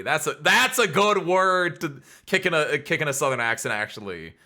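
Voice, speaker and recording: Excitable young man streaming a game. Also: on the high side, normal speed, hardly any pauses, noisy background. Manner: excitable, laughing reactions, casual swearing. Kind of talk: live gameplay commentary. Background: game music.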